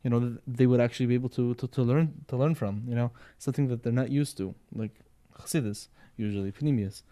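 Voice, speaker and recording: A man from a Sephardi background talks fast in a mellow mid-range voice during an easygoing podcast chat. His speech loops and repeats, dotted with "right?" and "you know" check-ins.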